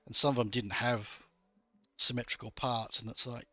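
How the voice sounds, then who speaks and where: A man's voice: medium pitch, level tone, moderate pace, bright, forceful tone, dry recording. A man streaming a game, chatting casually and rambling, with occasional swearing. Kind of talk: casual chat. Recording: dull lo-fi stream audio with faint music.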